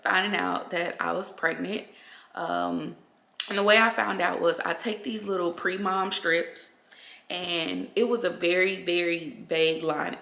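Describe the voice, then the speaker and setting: A woman's voice: on the low side, vocal fry, a bit bright. A young woman vlogger telling a personal story to her viewers at home, chatty, often calling them y'all. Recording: roomy echo.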